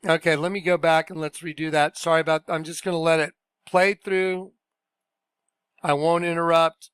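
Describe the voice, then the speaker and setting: A man's voice: on the high side, little pitch movement, moderate pace, a bit bright, clean tone, no room sound. A man commenting on video clips in a casual, emphatic and scornful way.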